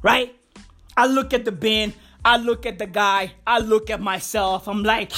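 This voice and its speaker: A woman's voice: medium pitch, fairly even intonation, unhurried, a bit bright, faint music behind. A woman comedian in a swaggering, profane bro-talk rant. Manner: brash, swaggering, expletive-heavy bro talk.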